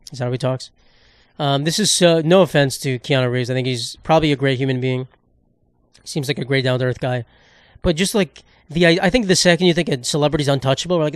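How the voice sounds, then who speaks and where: A man's voice: fairly high pitch, smooth, no room sound, clean studio sound. Rambling, profane male podcast host. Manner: rambling, profane, sarcastic, self-interrupting. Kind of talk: solo podcast rant.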